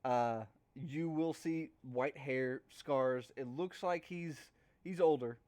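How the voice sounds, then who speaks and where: A man narrating a tabletop game as game master in a halting way, with many fillers and restarts. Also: medium pitch, darkish tone.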